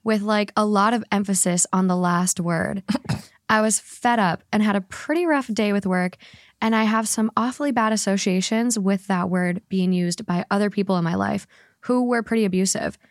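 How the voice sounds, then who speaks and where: Woman podcast host, mid pitch, dry close mic, quick animated storytelling. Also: dry recording. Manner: animated, laughs often, reads quickly. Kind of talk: casual podcast chat, reading a story aloud.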